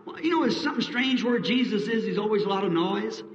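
A man's voice: high-pitched, fast. A man preaching a revival sermon, telling stories in plain country grammar and swelling into fervent cries. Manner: fervent folksy storytelling, voice surging to cries. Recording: dull old sermon tape, distant mic in a reverberant hall.

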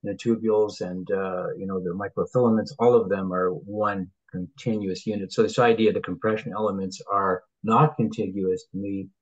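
Man, husky, lowish voice, muffled lo-fi call audio, thinks aloud. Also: fairly even intonation, moderate pace, hardly any pauses. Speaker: discussion panelist. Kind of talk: conference discussion. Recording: dull lo-fi video-call audio.

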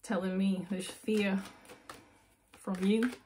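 A woman's voice: mid-range voice, level tone, slow pace, dark tone, a little hiss or hum. A woman giving a tarot reading to viewers, thinking aloud with restarts and asides and getting emotional as she goes. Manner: emotional, intuitive, self-interrupting. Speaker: tarot reader.

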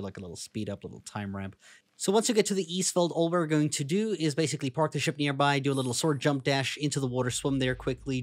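Young guy, slight foreign accent, casual walkthrough voice-over, dry close mic, mid pitch. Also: no room sound. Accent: non-native English accent. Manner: relaxed, chatty, step-by-step instructions. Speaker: gaming guide creator.

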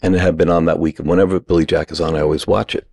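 A man telling a lively anecdote in a casual podcast chat, acting out the people he quotes. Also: sits low, rapid-fire. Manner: animated anecdote teller who acts out quotes. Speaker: podcast guest. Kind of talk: casual storytelling.

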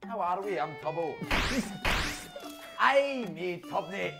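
A man impersonating a boastful young male streamer in denial about a failure, in a lowered, slow voice. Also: expressive, gravelly, loud music behind the voice, heavily acted.

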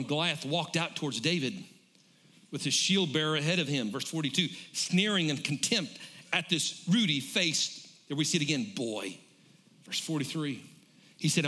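A man's voice: on the high side, sharp tone. A middle-aged pastor, preaching fervently and calling out to his congregation. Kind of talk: sermon.

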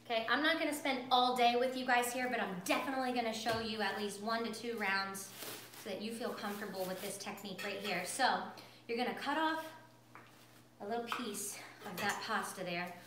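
A woman's voice: fairly high pitch, fairly bright tone, a little hiss or hum. Bubbly woman teaching in an echoey kitchen. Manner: bubbly, chatty, talks straight to viewers. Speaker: cooking instructor. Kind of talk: live cooking class. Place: home kitchen.

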